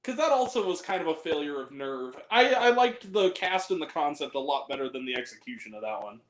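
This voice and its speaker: Lively high-pitched man in an echoey room. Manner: animated, profane, quick to laugh and shout. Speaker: podcast host. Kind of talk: casual film review chat.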